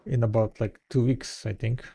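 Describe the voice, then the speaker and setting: A man streaming a game, chatting casually with viewers and thinking aloud in an unhurried way. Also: medium pitch, steady tone, vocal fry, dark tone, husky. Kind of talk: casual live-stream chat.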